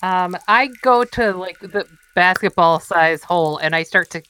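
A woman's voice: lowish voice, measured pace, sharp tone, a little hiss or hum. A woman narrates her character's actions in a tabletop game. She hesitates, leaning on fillers as she talks. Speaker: player. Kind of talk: casual tabletop play.

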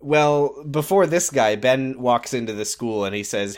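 A man's voice: mid-range voice, normal speed, hardly any pauses. Rambling, profane male podcast co-host. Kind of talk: casual recap chat.

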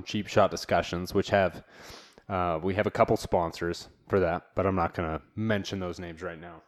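A man hosting a casual solo podcast from a home studio, rambling in a relaxed, slangy way. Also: sits low. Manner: laid-back, slangy, rambling with fillers. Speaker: podcast host.

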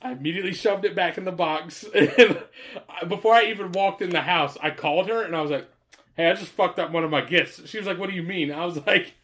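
A man's voice: high-pitched, fast talker, a bit bright. Rambling, laughing man telling stories. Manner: rambling storyteller, swears freely, laughs often. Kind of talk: casual chat.

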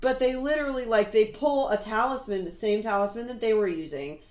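A woman's voice: a little high, brisk, a little mellow. A woman co-hosting a casual chat, dry and profane, cracking jokes as she recaps a show. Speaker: podcast co-host. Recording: roomy echo.

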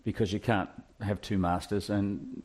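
A man with a lowish voice chatting about last session. He teases his friend and says plainly what he thinks the plot needs. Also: little pitch movement, a little slow, darkish tone. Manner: teasing and blunt. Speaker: player. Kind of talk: casual recap of a tabletop game.

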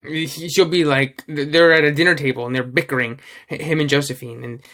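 A man's voice: on the high side, fairly even intonation, fairly quick, bright, forceful tone. A man co-hosting a podcast in casual chat, rambling with many fillers and restarts, and swearing freely. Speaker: podcast co-host.

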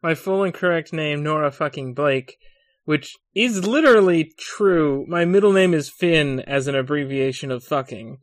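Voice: medium pitch, moderate pace, no room sound. A podcast co-host with a dry, playful joking manner, bantering casually.

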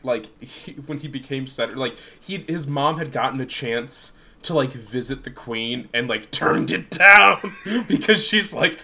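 A man's voice: mid-range voice, animated, unhurried, few pauses, pushed and bright. A man co-hosting a podcast in casual chat, rambling, joking and swearing. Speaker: podcast co-host.

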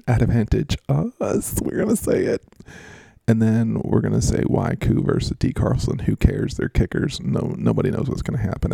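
Gravelly, laid-back man hosting a podcast. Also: mid-range voice, dark tone, no room sound. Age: adult, works as a schoolteacher. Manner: jokey and rambling, with frequent laughs. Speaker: fantasy football podcast host. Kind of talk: casual chat.

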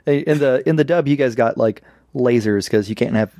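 A man co-hosting a podcast in casual chat, animated and laughing often as he acts out quotes. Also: medium pitch, moderate pace, dry recording, clean studio sound. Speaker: podcast co-host.

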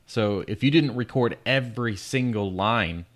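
A man's voice: lowish voice, unhurried. A man co-hosting a podcast in casual chat, easygoing and making self-mocking jokes. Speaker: podcast co-host.

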